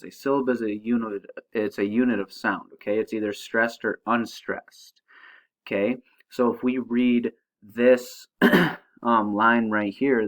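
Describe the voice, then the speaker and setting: A young man teaching a high school English lesson over slides, talking casually and checking in with "okay?" as he explains. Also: low-quality recording. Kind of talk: recorded slide-show lesson.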